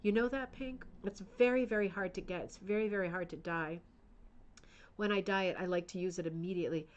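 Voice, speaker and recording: A woman's voice: medium pitch, fairly even intonation, fairly quick, dull audio, slight background noise. A woman with a mid-range voice hosts a live craft stream. She talks in an eager, chatty way, reacting to viewer comments as she goes. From United States. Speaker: host of a rug hooking club channel. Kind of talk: live-streamed book review chat.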